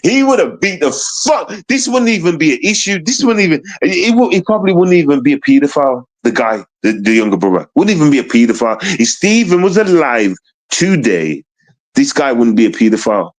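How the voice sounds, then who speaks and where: Poor audio carries a livestream rant from a man whose medium-pitched voice has a sing-song lilt and a quick pace. The streamer curses heatedly, repeats himself emphatically, and keeps asking if the audience understands.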